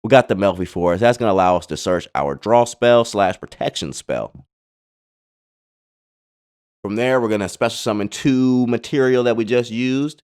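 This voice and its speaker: Male host, relaxed slangy game commentary, smooth low-set voice. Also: fairly quick, hardly any pauses. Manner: laid-back, slangy, chatty asides. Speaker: gaming channel host. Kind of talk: casual card-game replay commentary.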